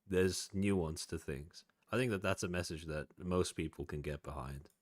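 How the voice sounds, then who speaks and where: Reaction host, male, deep and dry, casual with halting restarts. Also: no echo. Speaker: commentary host reacting to clips.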